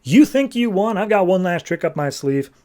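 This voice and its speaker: A man's voice: high-pitched, expressive, moderate pace, warm tone, voice pushed up. A man voicing a cruel male comic villain in a recap, threatening and gloating. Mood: menacing.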